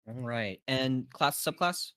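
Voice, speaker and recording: Man running a tabletop game, lively pitch. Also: slow pace. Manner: relaxed, hesitant narration with restarts. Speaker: dungeon master.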